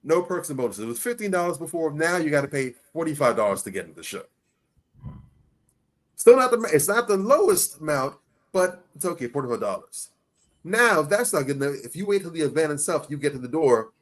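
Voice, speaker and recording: Emphatic man giving blunt advice. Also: sits high. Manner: emphatic, preachy, rhetorical questions. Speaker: podcast host. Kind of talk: casual podcast commentary.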